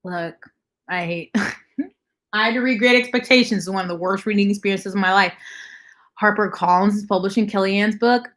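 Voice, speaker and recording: A young woman hosts a casual livestream, reading out viewer comments and answering them bluntly. She swears freely and talks in an offhand, conversational way. Her voice sits at an ordinary middle pitch. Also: normal speed, a bit bright. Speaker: livestream host.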